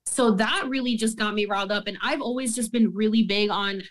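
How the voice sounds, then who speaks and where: A woman's voice: medium pitch, fairly quick. A young woman telling a story in a casual interview, heated and profane, acting out quoted dialogue. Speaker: guest.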